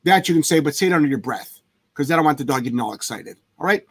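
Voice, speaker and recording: This dog trainer fields viewer questions on a laid-back live chat, talking fast in a husky, slightly high voice with lively intonation. He's blunt and emphatic, and the swearing flows freely.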